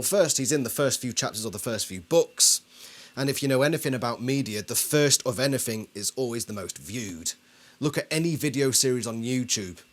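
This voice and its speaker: A man hosting a casual commentary video, talking things through and asking his viewers questions. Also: mid-range voice. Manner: conversational, asks the audience questions. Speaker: video host.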